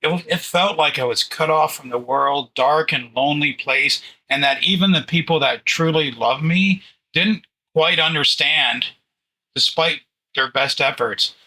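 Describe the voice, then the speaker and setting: A man hosting an interview, speaking in a reflective, measured way about his own experience. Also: fairly high pitch, bright, forceful tone, low-quality recording. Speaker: podcast host. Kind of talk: casual interview.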